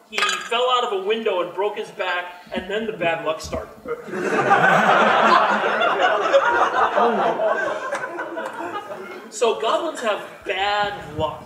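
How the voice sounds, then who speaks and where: Brief: high, animated male storyteller at a convention talk, distant mic in a roomy hall. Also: background noise. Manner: storytelling, joking, expressive. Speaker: game designer speaking at a fan convention. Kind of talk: animated talk to a live audience.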